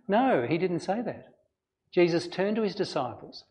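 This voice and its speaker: A man's voice: sits high, big pitch swings, moderate pace, a little mellow. A man, a pastor giving an earnest, conversational sermon full of rhetorical questions. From Australia.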